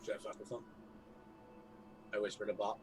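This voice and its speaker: A man's voice: on the low side, flat delivery, fairly quick, a little mellow, a little hiss or hum, rough recording. A man playing a tabletop game, describing his character's actions in a playful, mischievous way. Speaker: player.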